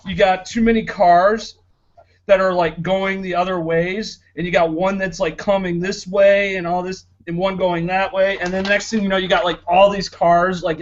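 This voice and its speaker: Young guy rambling on a podcast, sarcastic, kinda high voice, dull lo-fi sound. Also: level tone, moderate pace. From Florida, United States. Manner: rambling, sarcastic, many fillers. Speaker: podcast co-host. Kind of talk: casual chat. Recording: dull lo-fi home recording.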